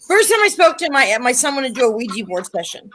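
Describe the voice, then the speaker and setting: A woman's voice: sits high, very animated, quick pace, crowd noise. A middle-aged woman chatting casually on a panel, telling stories and acting out the voices of the people she quotes. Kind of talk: casual chat.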